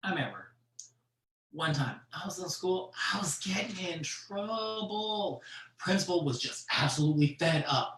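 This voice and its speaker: A comedian telling stories on a virtual show, in an animated way with frequent laughs. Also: mid-range voice, moderate pace, recorded from a distance. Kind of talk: stand-up storytelling on a virtual show. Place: room at home for a virtual show. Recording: echoey room, off-mic.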